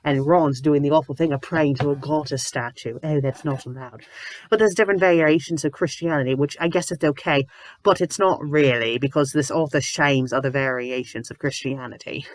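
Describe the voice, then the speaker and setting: A woman with covid reviewing fanfiction in a comedic, exasperated rant, sometimes breaking into shouts. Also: deep voice, steady tone, a little fast, no echo. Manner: exasperated, ranting, bursts into shouting; says "bloody" often. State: sick with covid, a little loopy.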